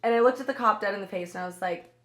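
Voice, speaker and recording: A woman in her thirties hosting a podcast, telling personal stories in an animated, chatty way and laughing as she goes. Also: medium pitch, very fast, soft background music. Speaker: podcast host. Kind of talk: solo storytelling podcast.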